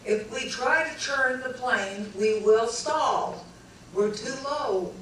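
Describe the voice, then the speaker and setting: A calm, teasing husband piloting a small plane, steady and reassuring in a tight spot, as a woman puts him on. The voice rings out through a very echoey hall and is heard from a distance. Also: a little high, slow, slight background noise, pitched above the performer's own voice. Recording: echoey hall recorded from far off.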